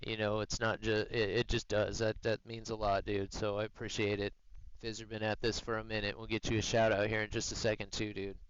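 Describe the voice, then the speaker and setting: A man's voice: fairly low pitch, monotone, a little fast, smooth, no echo, dull audio. A man hosting a livestream, chatting in a laid-back, rambling way from home. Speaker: livestream host. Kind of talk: casual livestream chat.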